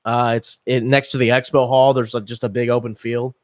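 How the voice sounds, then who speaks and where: A man's voice: mid-range voice, level tone, brisk, no room sound, studio quality. A man in his thirties co-hosting a podcast, telling a long story with lots of swearing and laughter. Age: 30s. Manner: rambling, profane storytelling with frequent laughs. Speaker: podcast co-host. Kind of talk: casual podcast banter.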